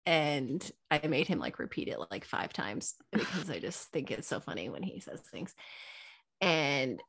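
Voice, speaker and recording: A woman in her thirties co-hosting a podcast in casual chat, animated and acting out her kids' voices. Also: sits low, measured pace, gravelly, husky. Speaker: podcast co-host.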